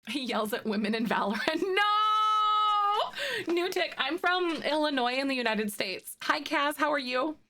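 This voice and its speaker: A woman's voice: high-pitched, animated, normal speed, a bit bright, slight background noise. A young woman streaming a game live, chatting casually with her viewers and reacting to their messages. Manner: chatty, reacting to chat with laughs and fillers. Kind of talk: casual live-stream chat while playing.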